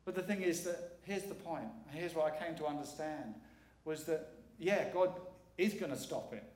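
A man's voice: fairly high pitch, normal speed, a little mellow. A middle-aged man preaching as a guest speaker, earnest and emphatic, repeating words for weight. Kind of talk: sermon. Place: church sanctuary. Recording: echoey church hall.

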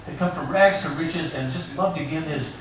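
A male pastor delivers a sermon in a higher register, telling stories and dropping jokes along the way. His voice rings through a very echoey church and reaches the mic from a distance. A steady hiss sits under the whole recording. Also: normal speed. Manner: personal storytelling with joking asides. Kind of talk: Easter sermon. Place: church sanctuary.

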